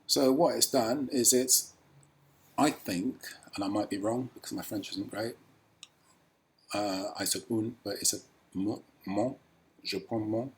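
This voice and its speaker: A man's voice: on the low side, unhurried, long pauses, slightly rough. A man casually explaining a language practice tool on screen, hesitant with many ums.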